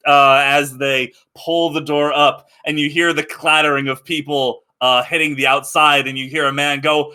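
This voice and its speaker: A man's voice: a little high, flat delivery, moderate pace, hardly any pauses, bright, forceful tone, clean tone. A man narrating as game master, describing scenes in a rambling way with many restarts. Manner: rambling, full of fillers and restarts while describing.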